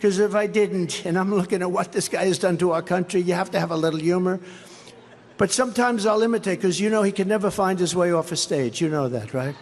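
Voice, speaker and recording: A man's voice: sits high, a little fast. A man giving a sarcastic, repetitive rally speech, rambling from point to point. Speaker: political speaker at a rally. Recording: long reverb of a large venue, faint background noise.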